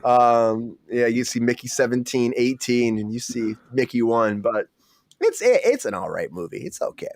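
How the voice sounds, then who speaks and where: A man's voice: mid-range voice, animated, normal speed, no room sound, studio quality. A man hosting a comedy entertainment news show, loose and jokey, bantering with his panel. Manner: loose, jokey, mimics actors in goofy voices. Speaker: host.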